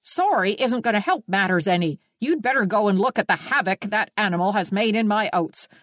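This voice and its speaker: A blustering, irate middle-aged farmer, as a woman reader puts him on in an audiobook, sputtering out old-fashioned scolding with a lively, swooping delivery. The sound is dry and close. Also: medium pitch, a little fast, no echo, natural voice. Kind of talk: audiobook character reading.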